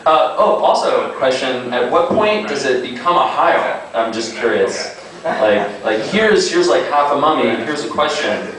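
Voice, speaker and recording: A young man doing a stand-up set, rambling and halting with lots of fillers and self-aware asides. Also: mid-range voice. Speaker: stand-up comic. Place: small comedy club. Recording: echoey club, distant mic, audible noise.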